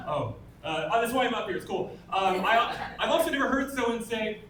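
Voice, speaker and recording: A brisk English stand-up barely pauses as he delivers dry punchlines at his own expense, his animated voice sitting high. Recorded from a distance in a comedy club, the roomy audio carries background noise and audience laughter.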